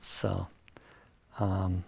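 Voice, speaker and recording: An older man, a music producer, telling animated anecdotes in a casual interview and acting out the lines of the people he quotes. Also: sits low, extremely slow, creaky. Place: recording studio.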